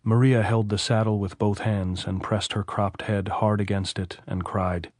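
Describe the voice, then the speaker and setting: A man narrating a classic novel as an audiobook, in a steady, measured reading. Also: fairly low pitch, no echo, clean studio sound.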